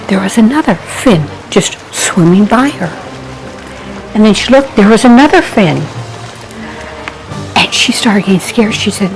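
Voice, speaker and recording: A woman telling a Bible-themed children's story, animated, asking her listeners questions and hushing her voice for suspense. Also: medium pitch, unhurried, pauses often, faint music behind, low-quality recording.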